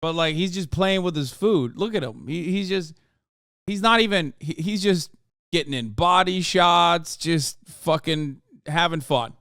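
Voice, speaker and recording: A man streaming his reaction to a video, excitable and rambling and swearing a lot. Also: a little high, measured pace, no room sound, studio quality. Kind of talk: casual reaction commentary.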